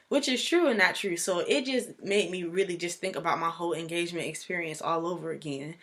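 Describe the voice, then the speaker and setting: A young woman vlogging casually, telling a personal story in a chatty, animated way. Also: fairly low pitch, fairly quick, few pauses.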